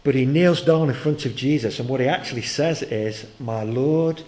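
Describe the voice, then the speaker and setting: A man preaching a sermon. He retells the story with energy, asks his listeners questions, and rises in pitch and volume at the exciting parts. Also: fairly quick, low-quality recording. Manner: storytelling, growing loud and high when excited.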